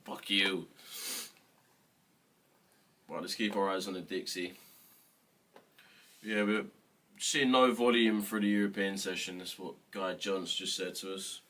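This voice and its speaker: A man's voice: deep voice, fairly even intonation, a little slow, pauses often, sharp tone, slight background noise. A man hosting a trading livestream, chatting casually, bluntly and playfully, with lots of swearing.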